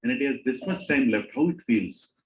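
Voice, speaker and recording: A man giving a dramatic, animated storytelling talk to a spiritual group. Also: mid-range voice, moderate pace, highs cut off, a little hiss or hum. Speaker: satsang speaker. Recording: roomy hall echo.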